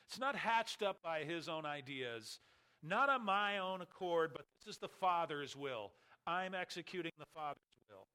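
A man's voice: fairly high pitch, sharp tone. A man preaching an expository sermon as a pastor, emphatic and full of rhetorical questions.

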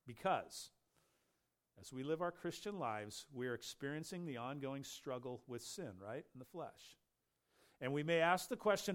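A man preaching a sermon with emphatic stress, raising his voice for questions and dropping low on key words. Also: lively intonation, normal speed.

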